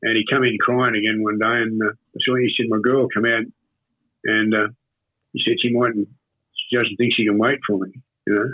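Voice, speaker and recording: An older man with an Australian accent, telling a long story in an interview in a rambling, halting way with many fillers and restarts. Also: fairly low pitch, level tone. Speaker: interview guest. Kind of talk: casual storytelling. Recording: tinny phone-like audio.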